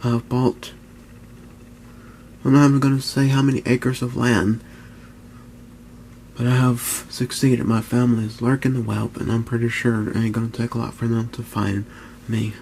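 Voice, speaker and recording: A man in his early twenties, talking low and often whispering in a halting vlog at home, with many restarts. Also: little pitch movement, a little mellow, slight background noise. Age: 20s. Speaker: YouTuber. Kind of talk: hushed vlog talk. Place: at home, indoors.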